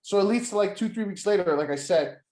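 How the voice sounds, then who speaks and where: A man's voice: high-pitched, fast talker, mellow. A man co-hosting a casual wrestling podcast, rambling with lots of "like" and restarts, acting out quotes and swearing. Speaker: podcast co-host. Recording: echoey room.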